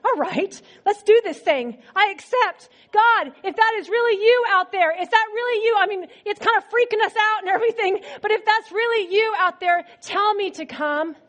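A woman's voice: very high-pitched, normal speed, few pauses, fairly bright tone, voice pushed up. A woman doing an eager apostle taking a dare. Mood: excited.

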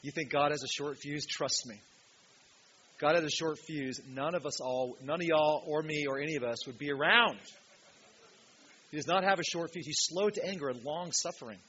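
A male pastor preaching a sermon in a church, emphatic, swinging from loud, ringing peaks to quiet asides. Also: a little high, normal speed. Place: church hall with a projection screen. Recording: dull lo-fi sound with faint hiss.

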